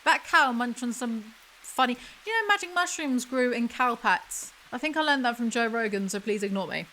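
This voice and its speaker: A woman reading a picture book aloud as ASMR commentary, with mocking, deadpan asides. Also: on the high side, moderate pace, poor audio.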